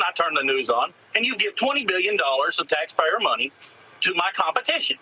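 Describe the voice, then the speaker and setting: Male farmer in a news clip, frustrated and detailed, slightly raised pitch. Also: big pitch swings, fairly quick, pushed and bright, breathy edge, rough recording. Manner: frustrated, detailed explanation of figures.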